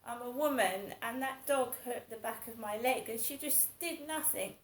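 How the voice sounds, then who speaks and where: This vlogger, a woman in her fifties, talks at normal speed in a voice on the high side. She rambles casually and keeps repeating herself, sounding aggrieved, on a low-quality recording made in an echoey room.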